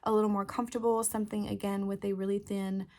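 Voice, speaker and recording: A woman chatting casually to camera as a beauty vlogger, relaxed with frequent ums, filming indoors by a window. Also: medium pitch, fast talker. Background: fan running.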